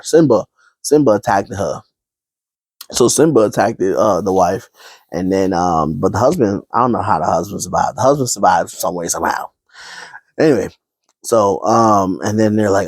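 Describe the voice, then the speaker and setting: A man's voice: lowish voice, moderate pace, darkish tone, dry recording. A man casually retelling a movie plot, rambling, with many fillers and restarts. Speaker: vlogger.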